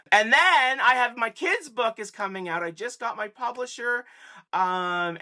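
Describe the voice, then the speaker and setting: A man as a podcast guest, telling stories in a chatty, animated way and jumping high in pitch when he quotes people. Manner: chatty, many fillers and laughs. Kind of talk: casual interview storytelling.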